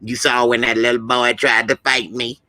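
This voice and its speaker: A man's voice: medium pitch, flat delivery, moderate pace, pushed and bright, no echo, low-quality recording. A man impersonating a boastful veteran male comedian, talking in brash street slang with repeated "all right?" and "pimpin'". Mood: boasting.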